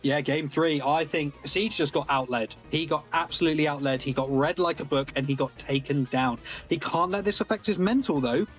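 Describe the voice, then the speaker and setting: A man giving live play-by-play commentary on a competitive game tournament, excitable and analytical. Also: fairly high pitch, a little fast, soft background music.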